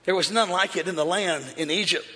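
A man preaching a sermon as pastor, emphatic and shouting, with repeated refrains. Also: high voice, brisk. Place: large church hall. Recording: echoey hall with music and crowd.

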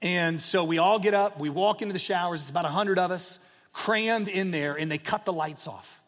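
A man in his forties delivers a sermon in a loose, storytelling style, leaning on "you know" and "like." His voice sits fairly high for a man. The sound carries a long reverb, as in a large hall. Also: normal speed, fairly bright tone. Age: 40s. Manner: storytelling, conversational with many fillers. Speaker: pastor.

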